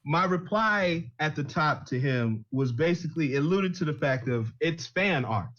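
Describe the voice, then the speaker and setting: A man chats loosely on a gaming podcast, easygoing and quick to laugh. His voice sits a little high. The sound is muffled and lo-fi. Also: expressive, a bit bright. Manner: laughs often, easygoing, rambling. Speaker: gaming YouTuber and podcast co-host. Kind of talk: casual podcast chat.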